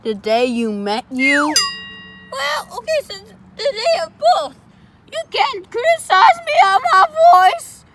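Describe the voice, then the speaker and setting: A man voicing a touchy stranger in a homemade cartoon, with a very squeaky, shrill voice and a whiny, yelling manner. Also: very animated, slow, heavy background noise, full character voice. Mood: whiny outrage. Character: shrill, touchy stranger defending his plant home.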